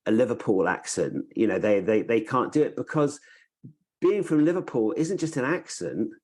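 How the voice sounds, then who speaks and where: A man's voice: medium pitch, lively intonation, normal speed, a little mellow. Thoughtful rambling man podcast host. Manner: thoughtful, meandering, restarts sentences. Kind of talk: casual podcast chat.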